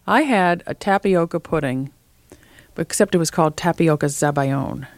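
A woman food writer as an interview guest, telling lively, opinionated stories in casual conversation. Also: low-pitched, moderate pace, dry recording.

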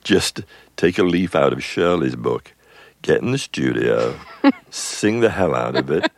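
A man's voice: very deep voice, sing-song, measured pace, gravelly, no room sound. An older man, a film composer, telling rambling anecdotes in an interview with chuckles and self-interruptions. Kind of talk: relaxed anecdotal storytelling.

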